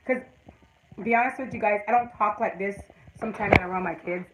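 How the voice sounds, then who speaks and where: A woman's voice: mid-range voice, fast talker, slight background noise, rough recording. A woman with a Jamaican accent hosts a casual livestream from her phone or webcam. She tells her stories in a rambling, emphatic way, leaning hard on the words she wants to stress. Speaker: livestream host.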